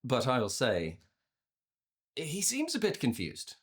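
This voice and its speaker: A man presenting a workshop on communication to a virtual audience, conversational and animated, often repeating words as he restarts his sentences. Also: slow, husky. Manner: acts out inner voices with playful pitch jumps. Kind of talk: live talk to a virtual audience.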